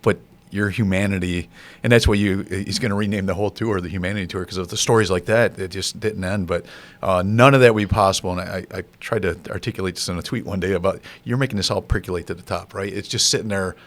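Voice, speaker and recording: A man's voice: low voice, fairly even intonation, fast talker. A man hosting a podcast, giving heartfelt praise to his guest in a casual interview. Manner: warm praise, short reactions. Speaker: podcast host.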